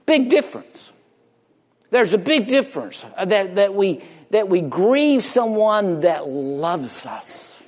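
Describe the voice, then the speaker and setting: Male preacher, slightly high voice, unhurried emphatic sermon delivery, reverberant church sound. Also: a little mellow. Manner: slow, emphatic preaching with rising and falling delivery.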